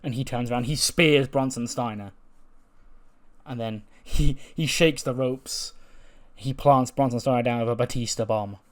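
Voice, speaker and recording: Male game commentator, casual, chatty, medium pitch. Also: normal speed. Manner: chatty, laughing, recounts events. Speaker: game channel host.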